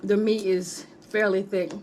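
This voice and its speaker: A woman's voice: mid-range voice, little pitch movement, unhurried, noisy background. A woman vlogging a mukbang in a casual, chatty way, calling her viewers "honey" and "y'all" between bites. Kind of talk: casual chat while eating.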